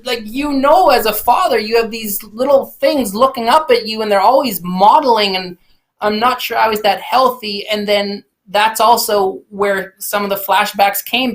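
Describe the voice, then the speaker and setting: A man's voice: high voice, normal speed, a bit bright. Earnest reflective man in his forties. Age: 40s. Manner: earnest, reflective, with frequent restarts. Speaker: podcast guest, keynote speaker. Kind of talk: candid conversational storytelling.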